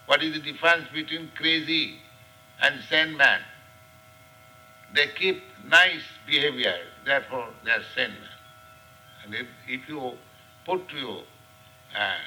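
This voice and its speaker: Slow, bright-voiced older Indian teacher. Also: male voice, medium pitch, rough recording. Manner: slow, deliberate lecturing with frequent pauses and fillers. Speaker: spiritual teacher. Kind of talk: scripture class lecture. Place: class room.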